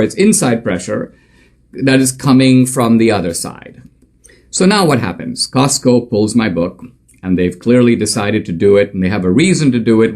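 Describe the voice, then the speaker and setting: A man's voice: medium pitch, a little mellow. Man telling a story, emphatic and conversational. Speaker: author and commentator. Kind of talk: storytelling monologue.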